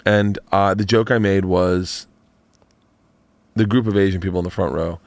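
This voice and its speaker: A man's voice: sits low, moderate pace, no room sound. A man telling a rambling comedy story as a podcast guest, acting out the other people's voices. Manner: animated, rambling, acts out voices in anecdotes.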